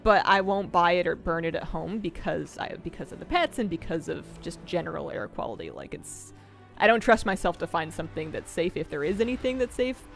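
A woman's voice: on the low side, sing-song, a little fast, vocal fry, soft background music. A woman streaming a game, chatting casually with chat in a rambling way and laughing often. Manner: chatty, giggly, rambling asides.

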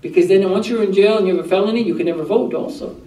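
A man's voice: high voice, rapid-fire, mellow. A man giving a religious talk to a group, often putting questions to the listeners. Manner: rhetorical questions to the audience. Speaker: religious teacher. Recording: echoey room, voice far from mic.

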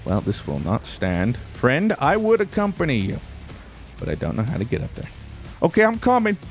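A man giving casual gameplay commentary as a YouTuber, excitable, yelping and talking to himself as he plays. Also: medium pitch, normal speed, faint music behind. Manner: excitable, yelps and exclaims, talks to himself. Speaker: gaming YouTuber.

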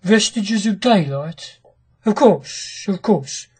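A narrator voicing a brisk, commanding ironworks owner. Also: mid-range voice, animated, breathy edge, full character voice. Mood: curt. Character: ironworks owner, a grim restless man. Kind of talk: audiobook character reading.

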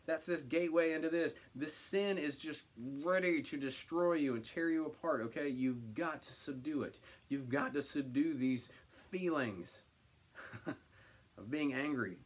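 Animated man leading a Bible study. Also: fairly high pitch, unhurried. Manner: animated, paraphrasing God's words in a direct conversational voice. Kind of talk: reading scripture aloud and commenting.

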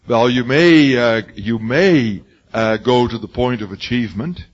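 An older man with a raw, hoarse voice lectures a class in an emphatic, repetitive way, restarting his sentences often. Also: mid-range voice, measured pace, a little hiss or hum. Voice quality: husky. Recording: dull lo-fi classroom recording.

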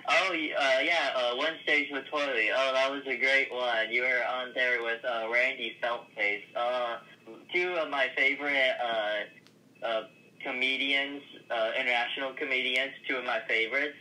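A man's voice: mid-range voice, steady tone, moderate pace, bright, forceful tone, rough recording. A man calling in to a live show, talking in a hesitant, friendly way with lots of filler sounds. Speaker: caller. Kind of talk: casual phone-in chat.

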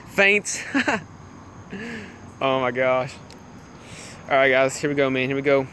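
A young man casually chatting with viewers on a livestream while playing a phone game, excitable and laughing often. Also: mid-range voice, takes it slowly, long pauses, slight background noise. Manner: excitable, laughs a lot, greets chat viewers. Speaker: livestream gamer.

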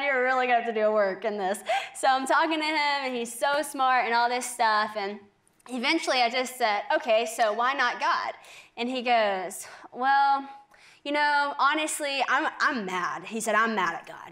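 A young woman tells her faith story as a guest on a televised talk show. She speaks earnestly and conversationally, tossing in frequent "like"s, with a voice that sits on the higher side. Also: fairly bright tone. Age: young adult. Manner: earnest, chatty, many "like"s, quick laughs. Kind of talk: faith testimony in a TV interview.

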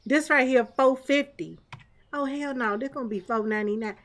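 A woman's voice: high voice, normal speed, fairly bright tone, slight background noise. A woman streamer giving chatty live gameplay commentary, laughing often and talking back to chat and the game's customers.

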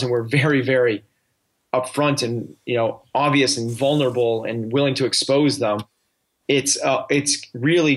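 A man's voice: medium pitch, fairly bright tone. A man talking earnestly as a coaching guest on a podcast, restarting his sentences often. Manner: earnest, with many restarts and fillers. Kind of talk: casual interview talk.

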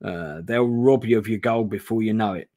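A man's voice: lowish voice, normal speed, dark tone, close to an everyday voice. A man voicing a grumpy stablekeeper in a gamebook reading, giving advice in a plain tone. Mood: advising. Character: gruff older male stablekeeper giving advice.

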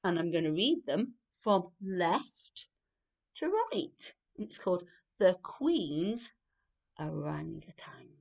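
A woman reading a picture book aloud to small children. She speaks slowly and gently, dropping into soft whispers, and her pitch swings widely to keep them hooked. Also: sing-song, highs cut off. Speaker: playgroup leader.

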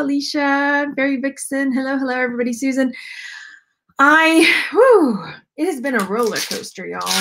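A woman's voice: a little high, heavy background noise. A Southern American woman hosting a live jewelry unboxing stream, chatting in a rambling, friendly way and greeting viewers by name. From Texas. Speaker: YouTube host. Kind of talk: casual live-stream chat.

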